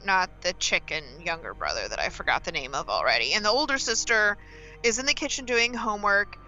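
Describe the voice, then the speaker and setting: A woman's voice: medium pitch, sharp tone, rough recording. A woman guesting on a casual podcast, recapping TV scenes with wry jokes and playful quoted voices.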